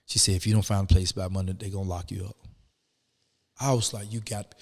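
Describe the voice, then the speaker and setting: Man, interview guest, storytelling, deep voice, reverberant sound. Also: fairly quick. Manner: animated, acts out quoted people.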